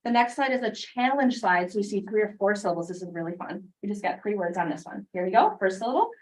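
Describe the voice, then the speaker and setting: A woman teaching a phonics lesson in a classroom, briskly prompting students with questions and quick praise. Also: mid-range voice, expressive, slight background noise. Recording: distant classroom mic.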